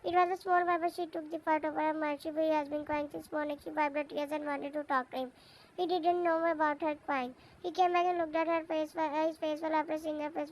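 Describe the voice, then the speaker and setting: A woman's voice: sits high, flat delivery, a little mellow, low-quality recording. A woman reading a romance story aloud, stumbling and correcting herself as she goes. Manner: halting reading with restarts and self-corrections. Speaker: fan fiction reader.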